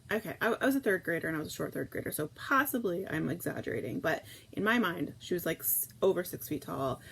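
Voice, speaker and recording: Chatty woman with a gravelly edge. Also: on the low side, a little hiss or hum, poor audio. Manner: rambling, effusive, reads comments aloud. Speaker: host of a morning livestream. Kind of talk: casual chat reading viewer comments.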